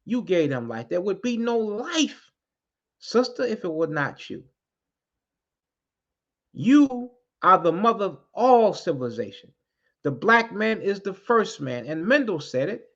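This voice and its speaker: A man's voice: high voice, sing-song, a little slow, a bit bright. Fiery preaching man, lo-fi recording. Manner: fiery, preaching, repeats key lines for emphasis; blunt, swears freely. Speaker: community activist addressing street groups. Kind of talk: impassioned spoken address. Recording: dull lo-fi recording.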